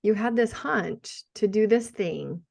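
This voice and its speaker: A woman's voice: medium pitch, animated, slow, vocal fry, darkish tone. A middle-aged woman hosting a podcast interview, upbeat and enthusiastic, affirming her guest. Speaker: podcast host.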